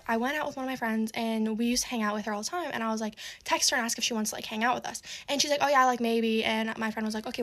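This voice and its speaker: A woman's voice: a little high, a bit bright. A teenage girl telling a storytime monologue, rambling with lots of "like", swearing and exasperated asides. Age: teens.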